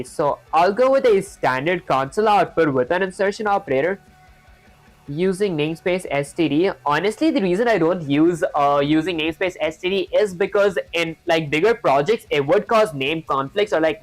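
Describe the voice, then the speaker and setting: A woman with an accent, her voice set a little low, hosts a live coding stream and talks through each line of code as she types it. She explains things casually and stops now and then to greet viewers in the chat. Faint music plays in the background. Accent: non-native English accent. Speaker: coding livestream host. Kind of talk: live coding tutorial, thinking aloud.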